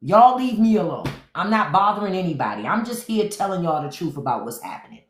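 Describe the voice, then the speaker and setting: A woman's voice: lowish voice, big pitch swings, brisk, echoey room. A woman hosting a live stream, ranting about politics to her chat in a profane, sarcastic, mocking way. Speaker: podcast host on a live stream. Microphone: phone.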